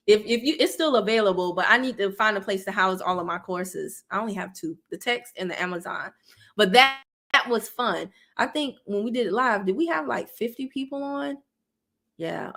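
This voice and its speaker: A woman's voice: medium pitch, bright, forceful tone. A woman in her thirties hosting a casual livestream, talking candidly with viewers, reading their comments aloud and laughing often. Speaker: online business coach and livestream host.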